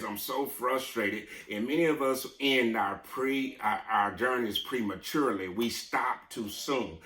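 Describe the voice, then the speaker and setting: A man's voice: on the low side, fairly bright tone, reverberant. A male pastor preaching a streamed Sunday sermon, building emphatic, rising lines with repetition.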